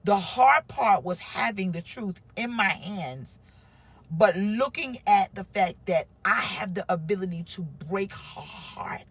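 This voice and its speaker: A woman's voice: mid-range voice, unhurried, slightly rough. A woman pastor, telling her own story with feeling to a live-stream audience. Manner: emotional, animated storytelling with acted quotes.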